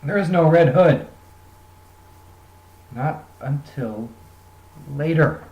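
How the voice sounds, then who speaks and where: A man's voice: on the high side, animated, very slow, dull audio. A man casually reviewing a graphic novel, rambling and joking with lots of fillers. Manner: rambling, jokey, many fillers. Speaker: comic book reviewer. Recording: roomy echoey room.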